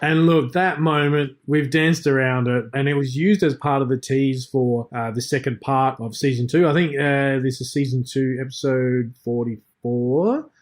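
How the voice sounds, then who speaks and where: A man's voice: mid-range voice, normal speed, few pauses. An Australian man in his thirties, co-hosting a casual podcast chat and acting out quotes as he talks. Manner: chatty, acts out quotes. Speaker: podcast co-host.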